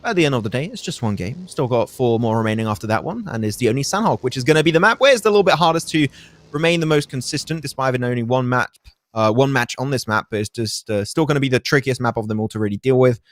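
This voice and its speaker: A man casting a live esports match, with rapid, energetic play-by-play and joking asides. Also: medium pitch. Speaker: esports caster.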